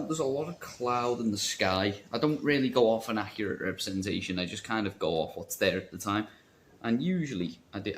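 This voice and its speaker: A man's voice: medium pitch, a little hiss or hum. A man chatting casually in a vape shop vlog, rambling and joking about himself. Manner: rambling, jokey, self-mocking. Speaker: vape shop worker and vlogger.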